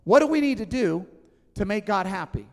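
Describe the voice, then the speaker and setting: A man delivers a sermon in a big church hall, and his voice rings out with a long reverb. He talks in a loose, animated, conversational way and slips into quick voices for the people he quotes. His voice sits a little higher than most men's. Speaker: pastor.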